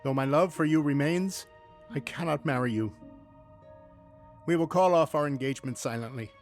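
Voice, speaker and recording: Man doing a betrayed young carpenter, voice lifted well above his own deep range, trembling and pleading, for a dramatized Bible story. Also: moderate pace, soft background music, close to an everyday voice. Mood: resolved, sorrowful. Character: young male carpenter, heartbroken but principled.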